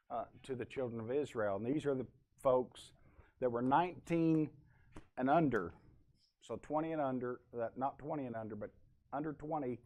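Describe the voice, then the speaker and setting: A man's voice: medium pitch, a little mellow. A male pastor preaching a Bible sermon in a loose, conversational way, asking the congregation questions and trailing off into asides.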